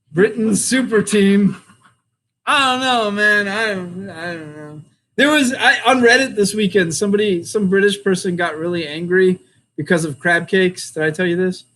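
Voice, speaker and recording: A man's voice: high voice, fairly bright tone, a little hiss or hum, rough recording. An American man with a rambling, opinionated manner, chatting casually while reviewing comics and laughing often.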